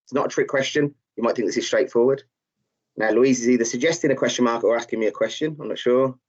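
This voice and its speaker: This tutor, a man with a medium-pitched voice, moves quickly through a live online lesson. He encourages students, reads out what they type in the chat, and leans heavily on fillers. The recording sounds somewhat muffled and flat.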